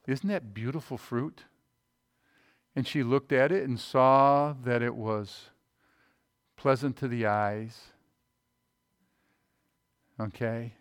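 A man preaching a conversational sermon, folksy, often asking the room rhetorical questions and swinging between loud emphasis and quiet low asides. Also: slow, pauses often, clear, resonant tone. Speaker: pastor.

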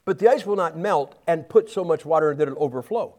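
Male preacher, folksy and rambling, sermon, somewhat high-pitched voice. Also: animated, quick pace, darkish tone. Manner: folksy, rambling with repeated restarts and jokes.

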